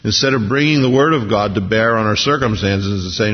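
A man's voice: lowish voice, fairly quick, slightly rough. A man preaching a sermon as pastor, talking conversationally with rhetorical questions and frequent restarts. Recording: dull lo-fi recording with long hall reverb.

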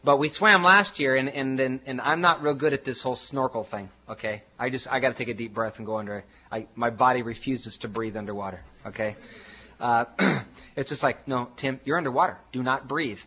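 A man preaching a sermon as pastor, emphatic and repetitive, swinging from loud declarations to hushed asides. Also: medium pitch, a little fast, breathy edge, dull audio.

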